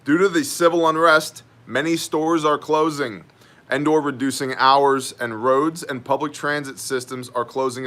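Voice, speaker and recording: A man's voice: mid-range voice, sharp tone. A man hosting a daily news brief in casual style, sardonic and joking as he reads chat comments aloud.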